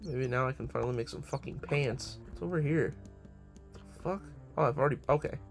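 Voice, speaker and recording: A man's voice: mid-range voice, brisk, gravelly, faint music behind. A young man giving casual, profane, joking commentary on his own game, talking to himself as he plays. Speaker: gamer.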